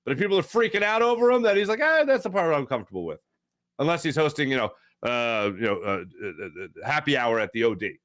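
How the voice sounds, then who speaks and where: A man's voice: medium pitch, expressive, quick pace, hardly any pauses, a bit bright, dry recording, studio quality. A man hosting a sports talk show, rambling casually and animatedly with lots of fillers and restarts. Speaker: sports radio host.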